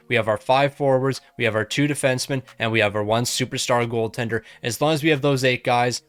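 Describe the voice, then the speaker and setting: Young guy talking over a hockey game, upbeat and jokey, mid pitch. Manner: upbeat, joking. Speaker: gaming video host.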